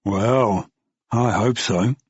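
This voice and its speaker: A man's voice: fairly low pitch, very slow, slightly rough, dry recording, dull audio, exaggerated voice. A man voicing a cocky, lecherous restaurant owner with a drawling Mockney accent in an audiobook. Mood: smooth. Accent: London Mockney. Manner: drawling, smug.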